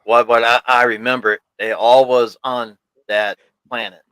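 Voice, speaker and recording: A man in a casual review chat who speaks slowly, searching his memory as he talks. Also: medium pitch, flat delivery, fairly bright tone, clean tone, no room sound, low-quality recording. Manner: slow, searching for memories, brief agreements.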